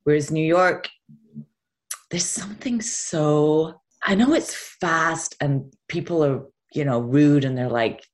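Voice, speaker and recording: A woman's voice: low-pitched, slow, a little mellow. A woman answering interview questions in a rambling, easygoing way, with lots of fillers and laughter. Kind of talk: casual interview chat.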